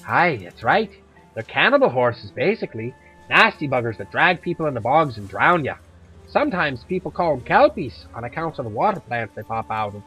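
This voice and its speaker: Man doing a blunt, gruff Irish huntress, husky and higher than his own voice, swinging lively up and down, faint game music underneath. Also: normal speed, full character voice, rough recording. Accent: put-on Irish, drifting toward Scottish. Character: tough middle-aged Irish woman, blunt monster hunter.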